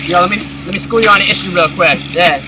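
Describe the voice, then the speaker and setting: Teen boy rapping a class project, playful, slightly high, over loud noise. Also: fast talker, distant mic. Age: teens. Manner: playful, rhyming. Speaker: student presenter.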